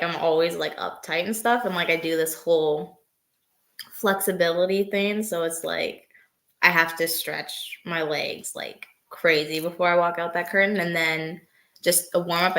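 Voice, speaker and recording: A woman's voice: low voice, creaky, fairly bright tone, roomy sound. A woman wrestler answering interview questions in easygoing casual chat, full of "like" and "um.". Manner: easygoing, heavy use of "like" and "um". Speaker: guest wrestler.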